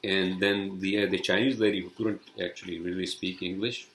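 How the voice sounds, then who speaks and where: A man's voice: sits low, little pitch movement, brisk, fairly bright tone, slight background noise, poor audio. A man hosting a solo podcast, telling a story in a rambling, profane way with many fillers and restarts. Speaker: podcast host. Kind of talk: casual solo podcast monologue.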